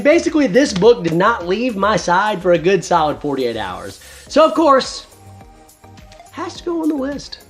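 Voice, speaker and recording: A man in his thirties hosting a casual video review, talking enthusiastically. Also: high-pitched. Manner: enthusiastic, animated. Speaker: host.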